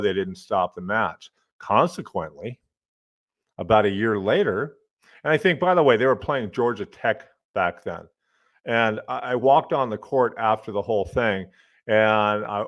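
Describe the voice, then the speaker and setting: A middle-aged man with a fairly low voice spins loose, lively stories on his own podcast, cursing casually and muttering asides. He speaks into a desk microphone, and the sound comes through a little muffled and lo-fi. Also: moderate pace. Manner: lively, swears casually, talks to himself while fiddling with gear. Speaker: college professor and podcast host. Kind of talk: casual storytelling monologue.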